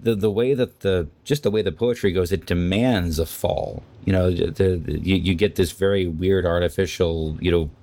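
A man's voice: low-pitched, moderate pace, hardly any pauses, warm tone. A man co-hosting a casual literary discussion, reflective and stammering as he searches for words. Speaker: podcast co-host.

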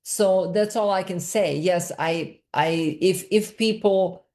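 Woman filmmaker, low-pitched, earnest interview guest who explains at length and circles back over her words. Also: slow, a little mellow. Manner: long, searching explanations with frequent repeats.

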